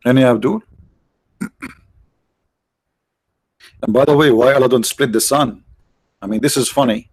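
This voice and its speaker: A man's voice: mid-range voice, a little slow, long pauses, a little mellow, breathy edge, dry recording. A man hosting a livestream, giving mocking, sarcastic religious debate commentary in broken English. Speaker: livestream host.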